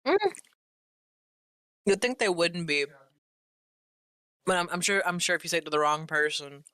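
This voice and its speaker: A man's voice: fairly high pitch, normal speed, sharp tone, clean tone, no room sound. A man chatting in a laid-back, joking way with friends. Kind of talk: casual chat.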